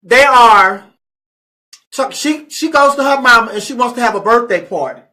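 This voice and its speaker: A comedy show host spins a gossip story in a chatty, sassy way and slips into the voices of the people involved. The voice is bright and has some edge, and the pitch sits in the middle. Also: expressive, normal speed.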